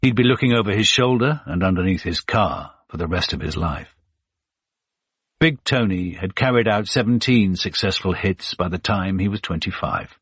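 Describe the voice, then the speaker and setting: A man giving steady, measured scripted audiobook narration. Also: deep voice, husky, no room sound, clean studio sound.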